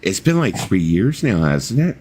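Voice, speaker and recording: A man's voice: low voice, very animated, moderate pace, a little mellow, slight background noise. A man co-hosting a casual chat among friends, playful and rambling, often restarting his sentences. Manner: playful, often restarts and fills in with "you know".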